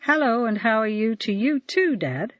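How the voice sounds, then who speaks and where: A woman's voice: on the high side, very animated, normal speed, fairly bright tone, dry recording, pitched above the performer's own voice. Brief: reader playing a dry, sarcastic young woman on the phone to her dad, lo-fi. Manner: sarcastic, patient. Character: sarcastic young adult daughter.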